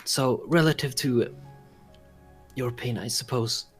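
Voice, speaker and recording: A timid shut-in woman in pain, as a man puts her on, raised in pitch and loud. She drawls slowly and haltingly, a little off-mic, with faint music behind. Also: husky. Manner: halting, pained, drawn-out. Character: injured sheltered young woman, timid.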